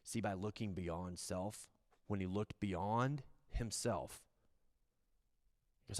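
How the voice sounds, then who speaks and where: A man preaching a sermon as a pastor, in earnest, swinging from hushed low lines to raised ones. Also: slow. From United States. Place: church.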